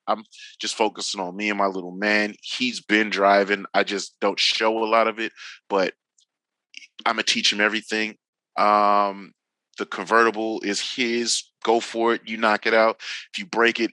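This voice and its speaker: Norcal guy in his 40s just chatting, slangy stories, cusses a lot, bright forceful voice. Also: on the low side, no echo, rough recording. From Northern California. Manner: loose slangy storytelling, swears freely, acts out quotes. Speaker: podcast guest, drifting veteran. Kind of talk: casual chat.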